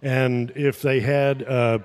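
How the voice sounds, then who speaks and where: A man telling a long anecdote as a podcast guest, halting with fillers and chuckling at his own punchlines. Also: medium pitch, flat delivery, a little mellow, clear, resonant tone. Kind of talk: casual anecdotal storytelling.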